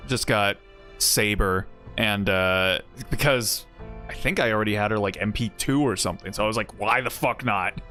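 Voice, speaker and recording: A man's voice: fairly low pitch, sharp tone. A man streaming a game. He rambles casually, swears freely and often breaks off his own sentences. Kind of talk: casual gaming stream commentary.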